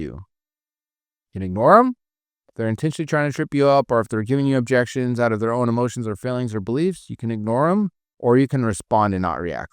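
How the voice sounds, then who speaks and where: A man's voice: mid-range voice, clear, resonant tone, no echo, studio quality. A man coaching on sales in loose, casual teaching talk, full of fillers. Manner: loose, filler-heavy, conversational.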